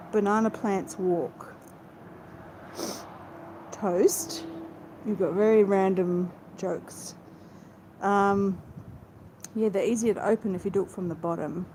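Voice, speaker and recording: Aussie woman rambling to her live chat from a moving car, loud road noise under her. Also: on the low side, rough recording. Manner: chatty, rambling, quick asides to viewers. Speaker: vlogger. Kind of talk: casual live chat while travelling. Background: vehicle noise.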